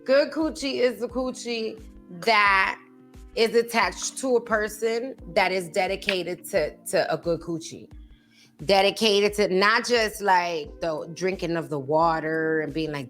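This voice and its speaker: A woman in her thirties chats casually as a co-host, frank and profane. She keeps a middle pitch and piles on fillers and emphatic asides. Faint music runs underneath. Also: unhurried, a bit bright. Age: 30s. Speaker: podcast co-host. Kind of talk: casual chat.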